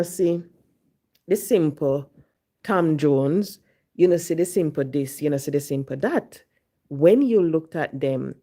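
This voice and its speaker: A woman's voice: low voice, mellow. A woman from Jamaica with a Jamaican accent, telling a personal story and slipping into Patois when she quotes herself.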